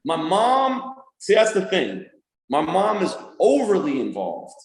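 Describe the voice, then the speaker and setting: A man talking as a podcast guest, an animated storyteller who does voices and laughs often in casual interview chat. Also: high-pitched, a little slow, echoey room, poor audio. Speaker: podcast guest, music producer and manager.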